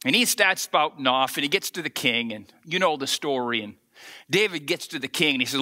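Male pastor, sermon, animated storyteller, high, bright voice. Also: a little fast. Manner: animated storytelling, acts out the scripture.

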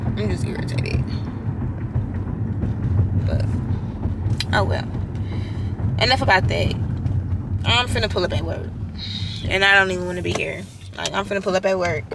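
Young woman, student vlogger, tired and stressed, rambling and cussing, mid-range voice, steady car rumble under her. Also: moderate pace, creaky, long pauses. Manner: frank, swears freely, heavy use of filler "like". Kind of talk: casual venting vlog. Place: inside a car. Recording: steady car noise behind.

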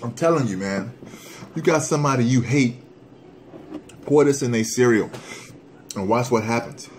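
A man doing a casual hot sauce challenge vlog at home, animated and joking while his mouth burns from the sauce. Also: mid-range voice, moderate pace, slight background noise. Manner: animated, joking, breaks into whoops and coughs. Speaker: vlogger.

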